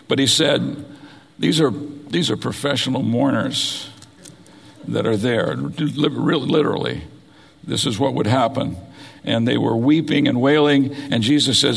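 A man's voice: mid-range voice, vocal fry, fairly bright tone, husky, in a large hall. A man preaching a sermon, reading scripture aloud and explaining it verse by verse. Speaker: pastor.

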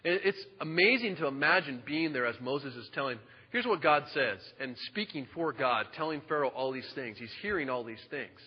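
A male pastor preaching a sermon, animated and joking, dropping from loud emphasis to a hushed voice. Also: medium pitch, moderate pace, hardly any pauses, breathy edge. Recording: dull lo-fi sound with long reverb.

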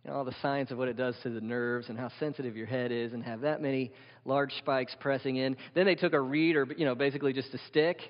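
Here the pastor's voice is medium-pitched with fairly even intonation, and he moves at a quick pace. His sermon is emphatic, packed with questions for the congregation, heard through dull sound and a long hall reverb.

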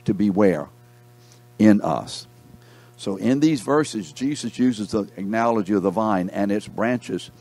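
Man teaching a Bible class, low and mellow. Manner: reads scripture aloud, breaks off to quiz the class; repeats key words for emphasis.

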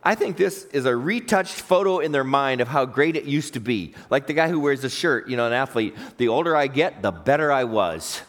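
A man preaching a sermon as pastor, telling stories and acting out quoted voices with big swings in pitch. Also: animated, a little fast, hardly any pauses, fairly bright tone.

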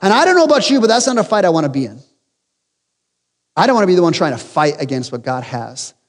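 A man's voice: a little high, sing-song, fast talker, in a large hall. A man preaching a sermon as pastor, emphatic with rhetorical questions and humorous asides. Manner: emphatic, rising to loud peaks with rhetorical questions.

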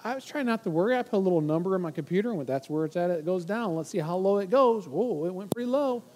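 A man in his forties preaching a sermon as pastor, animated and playful, acting out worried voices to make a point. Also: high-pitched, fast talker, in a large hall. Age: 40s.

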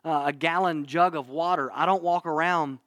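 A man's voice: on the high side, steady tone, normal speed, fairly bright tone, no echo. A man preaching a sermon in an earnest way, often repeating himself and asking his listeners "right?". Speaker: pastor. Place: church.

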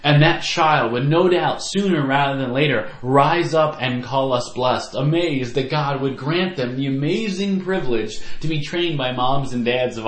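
A man preaching to parents, earnest and reflective, at a middle pitch. The sound carries a noticeable room echo, as if from a church hall. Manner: earnest, reflective preaching with warm personal stories. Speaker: youth pastor. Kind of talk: sermon to parents. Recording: echoey room.

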